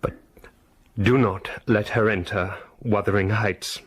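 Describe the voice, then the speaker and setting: An actor playing a frail, dying older gentleman, speaking in a faint breathy whisper in a radio drama. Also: fairly low pitch, fairly even intonation, unhurried. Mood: pleading.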